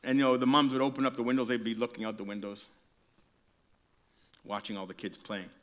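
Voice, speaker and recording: A man's voice: mid-range voice, brisk. A man from Canada preaching a sermon, telling a childhood story with acted-out voices and whispered asides. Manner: animated storyteller, acts out voices and whispers for emphasis.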